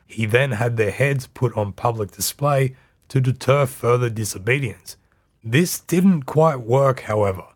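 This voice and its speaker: A man hosting a history podcast, reading a scripted narration in a measured way with dry asides. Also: mid-range voice.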